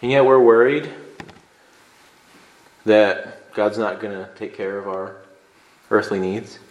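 A man's voice: fairly low pitch, slow pace. A man from Illinois preaching a sermon as pastor, conversational and emphatic, building to fervent stress. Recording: echoey room.

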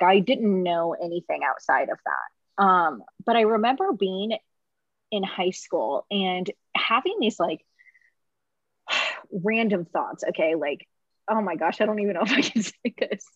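A young woman on a podcast, telling a personal story in emotional casual chat, halting with many fillers and laughing through tears. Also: medium pitch, lively intonation, breathy edge, dry recording. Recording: dull lo-fi sound.

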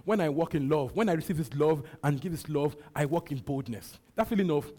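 A Nigerian man preaches in a mellow, slightly husky voice. He repeats short lines again and again and drops in hallelujahs between them. He talks like a pastor speaking straight to his church. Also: fairly high pitch, lively intonation, fairly quick. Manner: repetitive preaching with frequent hallelujahs. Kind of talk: sermon.

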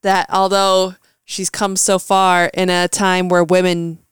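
A woman's voice: on the low side, level tone, slow, clear, resonant tone, no room sound, studio quality. A woman co-hosting a podcast, chatting casually and musing aloud as she searches for words. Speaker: podcast co-host. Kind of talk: casual chat.

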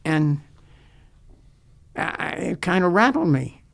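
Gravelly older pastor telling his story. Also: sits high, sing-song, a bit bright. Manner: earnest, halting, repeats words as he recalls. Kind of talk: personal storytelling in a faith interview.

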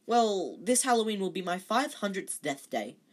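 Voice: mid-range voice, big pitch swings, moderate pace, pitched above the performer's own voice. A reader voicing an old male ghost who speaks eagerly and formally. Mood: dignified.

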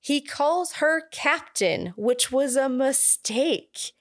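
A woman's voice: high-pitched, expressive, takes it slowly, no room sound, clean studio sound. A young woman co-hosting a podcast, chatting casually and laughing as she recaps a film's plot with asides. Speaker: podcast co-host. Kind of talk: casual chat recapping a film.

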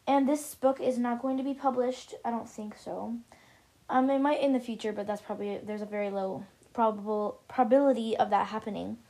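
A woman's voice: a little high, fairly even intonation, fairly quick, warm tone. Chatty woman reading her own story. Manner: chatty, stumbles and corrects herself, side comments. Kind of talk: casual read-aloud of a self-written story.

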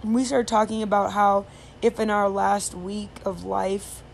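A woman's voice: mid-range voice, level tone, unhurried, gravelly. A woman telling a story in casual chat, rambling with many fillers and restarts, over faint background noise.

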